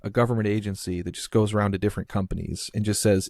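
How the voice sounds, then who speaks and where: Podcast host, male, low voice, rambly chatty delivery full of fillers, dry close recording. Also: fairly even intonation, quick pace, vocal fry, hardly any pauses, a little mellow, dry recording. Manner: rambling, heavy use of filler "like", trailing restarts. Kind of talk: casual chat.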